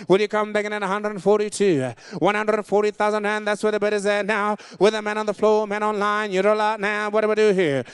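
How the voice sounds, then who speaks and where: A man calling a live vehicle auction in a fast, rhythmic chant, pleading for bids. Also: high voice, clean tone, no echo, clean studio sound.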